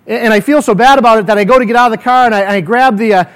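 A man's voice: very high voice, rapid-fire, fairly bright tone. A male pastor preaching a sermon. He prays earnestly and tells vivid, playful hypothetical stories. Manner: earnest prayer. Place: church.

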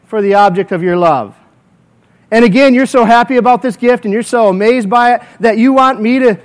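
A man's voice: high-pitched, fast talker. A male pastor preaching a sermon. He prays earnestly and tells vivid, playful hypothetical stories. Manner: earnest prayer. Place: church.

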